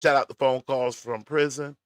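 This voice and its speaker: A man's voice: medium pitch, steady tone, moderate pace, clear, resonant tone, no room sound, studio quality. A man giving blunt, profane reaction commentary on a clip, mocking and riffing on what he watches. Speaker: commentary vlogger.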